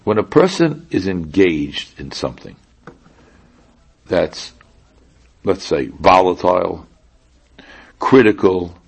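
A man's voice: low voice, creaky. A man, a rabbi giving an informal Torah lecture in a conversational way, repeating pointed rhetorical questions. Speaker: rabbi teaching a class.

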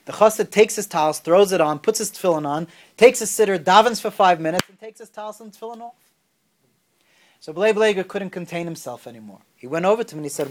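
A man teaching a Torah class, an animated storyteller who rises in pitch on key points. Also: fairly quick.

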